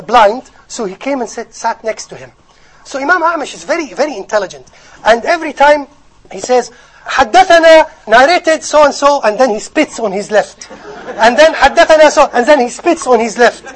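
A man giving a sermon, telling stories in an animated, joking way to his audience. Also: high-pitched, poor audio. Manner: animated storytelling with jokes. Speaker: Islamic preacher.

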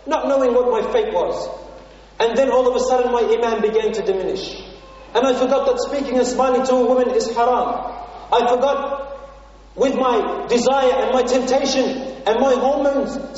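A man delivers an impassioned sermon in a strikingly high voice, leaning on repeated phrases. He sounds distant and a little muffled. A long, booming reverb from a big hall trails every line. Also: a little mellow. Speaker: preacher. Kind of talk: sermon told as a first-person story. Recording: muffled, echoey hall from far off.

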